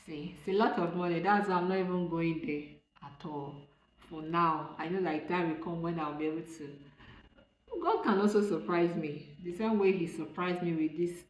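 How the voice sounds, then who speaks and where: Low-voiced Nigerian woman vlogging. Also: fairly even intonation, normal speed. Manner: rambling, restarting, self-correcting. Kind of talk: casual talk to camera. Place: room at home. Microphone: phone camera. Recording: echoey room on a phone.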